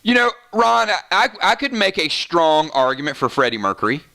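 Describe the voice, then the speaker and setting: A man hosting a gaming channel livestream, chatting casually and reading out viewer comments with quick asides. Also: fairly high pitch, gravelly. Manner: chatty and animated, quick asides, frequent "right?".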